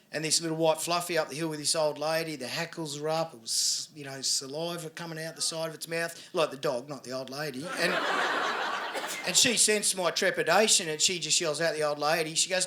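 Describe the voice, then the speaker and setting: Crude high-voiced Australian comic. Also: male voice, fairly bright tone. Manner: crude, sarcastic, chatty with crowd. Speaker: stand-up comedian. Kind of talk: stand-up set. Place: comedy club stage. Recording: live club recording with audible laughter noise. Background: audience laughter.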